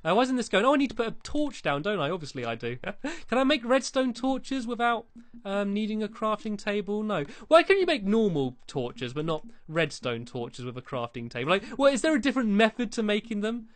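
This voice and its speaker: A let's-play creator giving casual, chatty commentary while building in a game, playful and teasing, often breaking into excited squeals. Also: mid-range voice, brisk, no room sound.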